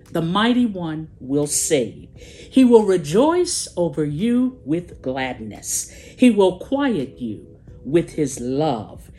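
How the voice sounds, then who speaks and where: A woman preaching a sermon, slow and emphatic, with dramatic pauses and a sing-song rise and fall. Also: fairly low pitch, mellow.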